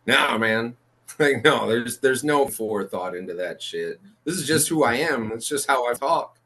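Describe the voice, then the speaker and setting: A man's voice: medium pitch, lively intonation, normal speed, bright, forceful tone. A male guest in casual interview chat, laid-back and slangy, swearing freely.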